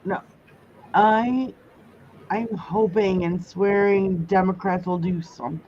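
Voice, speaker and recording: A woman's voice: mid-range voice, fairly even intonation, slow pace, darkish tone, highs cut off, a little hiss or hum. A woman hosting a casual livestream, ranting angrily with heavy swearing while reading viewer comments. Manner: angry, heavy swearing rant.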